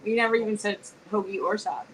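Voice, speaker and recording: A woman co-hosting a casual live-stream chat, telling stories with lively quoted dialogue. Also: mid-range voice, quick pace, a little hiss or hum, rough recording. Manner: chatty, animated storytelling with quoted dialogue. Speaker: co-host. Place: home.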